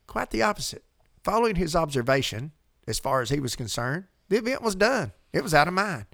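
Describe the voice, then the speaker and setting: Gravelly man teaching the Bible. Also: fairly high pitch, dry recording, clean studio sound. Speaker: co-host of a Bible discussion.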